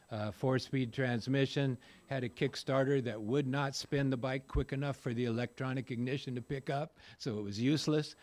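An older man speaking at a recovery meeting, telling folksy, rambling stories with self-deprecating humor. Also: medium pitch. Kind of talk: personal recovery talk to a group.

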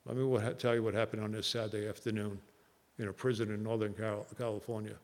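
A man with a New Jersey accent speaking at a recovery meeting, telling a personal story earnestly and haltingly, with many fillers. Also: on the low side, flat delivery, darkish tone. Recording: long hall reverb.

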